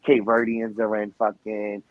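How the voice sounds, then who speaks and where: A man's voice: lowish voice, completely flat delivery, a little slow, dry recording, narrow, tinny audio. Rambling, swearing man with a Boston accent. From Boston area. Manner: loose, rambling, heavy swearing, many restarts. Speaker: guest, former reality show cast member. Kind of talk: casual profane chat.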